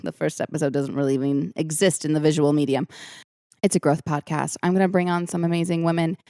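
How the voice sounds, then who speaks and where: A woman's voice: low-pitched, steady tone, quick pace, warm tone, dry recording, studio quality. A young woman hosting her own podcast, chatting casually with a Valley girl lilt, self-deprecating and wandering into tangents. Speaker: podcast host. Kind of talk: casual solo podcast chat.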